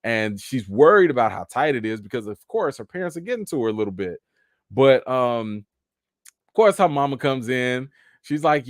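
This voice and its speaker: A man's voice: mid-range voice, animated, moderate pace, no echo, studio quality. A man hosting a casual live chat, reading out viewer comments and acting out the characters' lines in raised voices. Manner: reads out and answers viewer comments. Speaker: live stream host.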